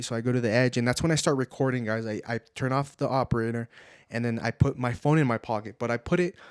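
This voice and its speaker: A man's voice: mid-range voice, clear, resonant tone, no echo, studio quality. Young man telling a story, lots of "like". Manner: animated, heavy use of "like", drops Spanish phrases. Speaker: podcast co-host. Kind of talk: casual storytelling. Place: home podcast setup.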